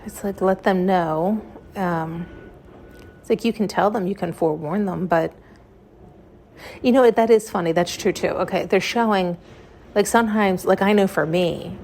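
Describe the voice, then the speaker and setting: A woman's voice: medium pitch, a little mellow. A woman hosting a podcast, talking in a rambling, frank and profane monologue. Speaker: podcast host. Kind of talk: casual intuitive monologue.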